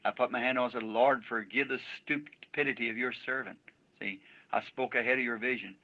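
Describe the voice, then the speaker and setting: A man's voice: medium pitch, steady tone, a little fast. Man preaching on dull archival tape. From United States. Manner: folksy rural storytelling with dialect grammar. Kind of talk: sermon testimony storytelling.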